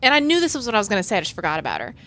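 A woman in a casual podcast chat, talking earnestly and warmly about something she recommends. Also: mid-range voice, wildly swooping pitch, racing.

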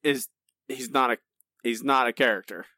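A man's voice: medium pitch, normal speed, bright, forceful tone, no echo, studio quality. A man co-hosting a podcast, chatting casually and rambling, with many restarts. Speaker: podcast co-host. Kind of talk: casual chat.

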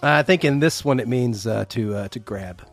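A man's voice: mid-range voice, a little fast. A man hosting a film podcast, joking around in casual chat. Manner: joking, lively. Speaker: podcast host, film editor.

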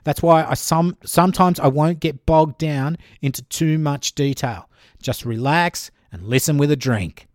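Slow-talking man, podcast host. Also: on the high side, no room sound, clean studio sound. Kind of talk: casual podcast chat.

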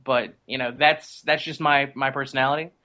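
A man's voice: medium pitch, fairly even intonation, moderate pace, sharp tone, poor audio. A man as a podcast guest, chatting casually and enthusiastically with jokes.

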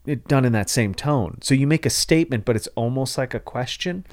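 A man's voice: mid-range voice, fairly quick, dry recording, clean studio sound. A man hosting a podcast, telling stories in a loose, profane way and laughing often. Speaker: podcast host. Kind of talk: casual conversation.

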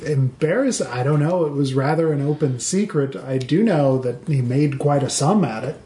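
A man acting as game master, talking hesitantly with many pauses and fillers. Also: a little high, dark tone, roomy sound, a little hiss or hum. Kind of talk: narrating a tabletop game.

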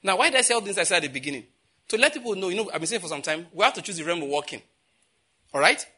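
A man's voice: high voice, expressive, rapid-fire, sharp tone, slightly rough. A man preaching a sermon, asking the congregation questions and answering them himself, with emphatic repetition. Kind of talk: sermon teaching.

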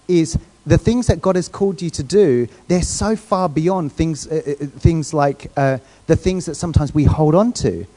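A man preaching a sermon in a church in a relaxed, conversational way, often checking in with the congregation. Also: on the high side. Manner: conversational, asks the crowd questions, restarts often. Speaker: guest preacher.

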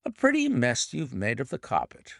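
A man's voice: medium pitch, wildly swooping pitch, moderate pace, vocal fry, no echo, studio quality. A man voicing Sherlock Holmes, cool and curt. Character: cool, commanding gentleman detective, man.

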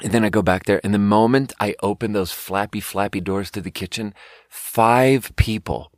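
Man, low voice, dry close sound, rambling and profane, casual monologue, worn out. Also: moderate pace, no room sound. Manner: rambling, profane, self-mocking storytelling with bursts of mimicry. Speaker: podcast host.

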